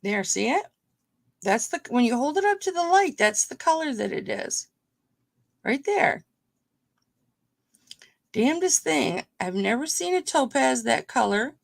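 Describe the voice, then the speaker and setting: A woman's voice: sits high, very animated, a little slow, creaky, long pauses. A woman hosting a live-streamed jewelry auction, chatting casually with viewers by name as she shows and sells pieces.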